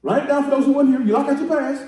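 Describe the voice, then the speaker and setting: A male pastor preaching a sermon with rhythmic repetition and call-and-response, rising to shouts at the peaks. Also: very high voice, racing. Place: church sanctuary. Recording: echoey church hall, mic at a distance.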